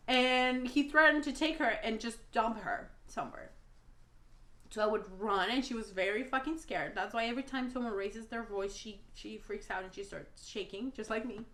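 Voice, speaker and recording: A woman's voice: a little high, moderate pace, a bit bright, reverberant. A woman telling an emotional storytime vlog, blunt and rambling, swearing a lot, a native Spanish speaker talking in English. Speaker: vlogger.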